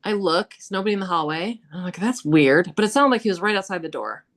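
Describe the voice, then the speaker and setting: A woman with a somewhat low voice guests on a podcast, recounting eerie happenings in an animated, conversational way. She fills her telling with casual fillers and acts out the lines people said. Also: quick pace. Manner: animated, with laughs, many "like"s and acted-out quotes. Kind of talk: casual storytelling about hauntings.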